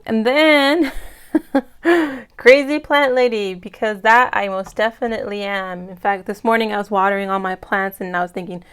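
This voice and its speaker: A woman's voice: mid-range voice, moderate pace, a bit bright, clean tone. A woman vlogging casually, gushing with gratitude and close to tears. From United States. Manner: gushing, emotional, grateful. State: near tears. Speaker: budget vlogger. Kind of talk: casual vlog chat.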